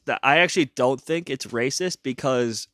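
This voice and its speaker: A man's voice: medium pitch, normal speed, fairly bright tone, dry recording. A man co-hosting a podcast, making wry remarks while discussing a movie. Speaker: podcast co-host.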